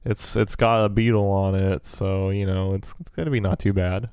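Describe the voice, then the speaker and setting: A relaxed man co-hosts a casual podcast, chatting easily and agreeing readily. His voice is low and clear, and he is close to a dry mic. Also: normal speed, no room sound. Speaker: podcast co-host. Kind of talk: casual chat.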